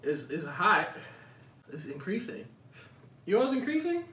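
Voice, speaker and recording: A man's voice: sits high, wildly swooping pitch, takes it slowly, a bit bright, roomy sound, distant mic, slight background noise. A man eating spicy noodles on camera, sweating and teary, complaining and coughing in casual chat. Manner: complaining, groaning, coughing through the heat. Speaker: YouTube vlogger. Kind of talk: casual challenge vlog chat.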